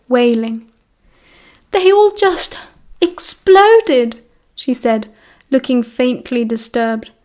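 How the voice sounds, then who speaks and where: A woman with a British accent narrating an audiobook in a steady, clear storytelling voice. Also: a little high. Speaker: audiobook reader.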